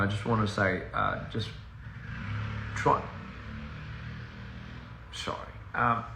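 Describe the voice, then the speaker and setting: A man with a gravelly, bright voice chats loosely on a livestream, drifting off topic and laughing at himself. He is recorded on a phone in a roomy, echoey house with a faint hiss behind him. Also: medium pitch. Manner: rambling, easily sidetracked, laughs often. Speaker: touring musician on a livestream. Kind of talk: casual livestream chat. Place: inside a house.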